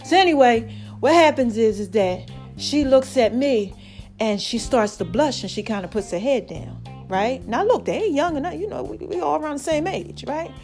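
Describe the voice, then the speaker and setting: A woman casually telling a story to her viewers, animated and emphatic, speaking straight to the audience. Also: sits high, moderate pace, faint music behind.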